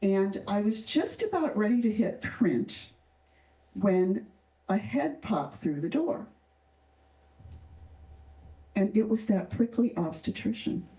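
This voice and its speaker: A woman's voice: medium pitch, slow, long pauses. A woman in her sixties, a retired nurse, telling a personal story on stage and acting out the voices of the people in it. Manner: warm, expressive, acts out the voices of others. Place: stage at a community arts event. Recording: echoey hall from a distant mic.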